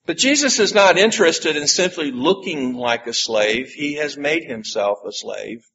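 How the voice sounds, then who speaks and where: A man preaching a sermon, slow and emphatic, with dramatic pauses. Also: a little high, expressive, pushed and bright, highs cut off. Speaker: pastor.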